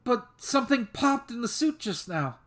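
A man's voice: very high voice, sing-song, normal speed, a bit bright, pitched above the performer's own voice, exaggerated voice. A man voicing a frightened, apologetic young woman whose body is tendrils, speaking in a pleading way.

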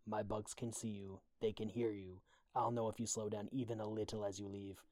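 A man's voice: fairly low pitch, flat delivery, fairly quick, darkish tone, no echo, natural voice. A man voicing a cold, threatening young woman who talks in curt, level threats, read as a storybook audiobook. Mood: menacing.

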